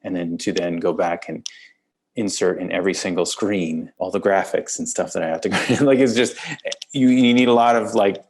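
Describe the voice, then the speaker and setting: A man's voice: low-pitched, moderate pace, darkish tone. A man with a Canadian accent, a film director talking casually in an interview, rambling and repeating words as he thinks. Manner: rambling, repeats words, laughs between thoughts.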